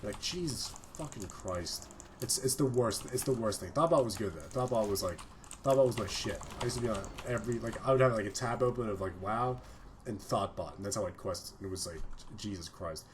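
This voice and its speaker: A man's voice: fairly low pitch, fast talker, a little hiss or hum. A young man giving rambling, profanity-laden casual commentary over his own gameplay video. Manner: rambling, swears a lot. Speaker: gaming video host.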